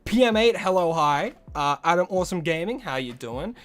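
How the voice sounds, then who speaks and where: A man with a high-leaning, fairly bright voice streams a game live, speaking expressively and fairly quickly. He's chatty, greets viewers by name, and rambles loosely about his setup while recovering from a headache.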